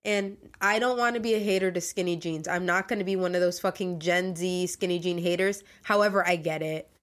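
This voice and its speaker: A woman's voice: fairly low pitch, fairly even intonation, fairly quick. Profane ranting young woman host. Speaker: podcast host. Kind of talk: casual monologue podcast.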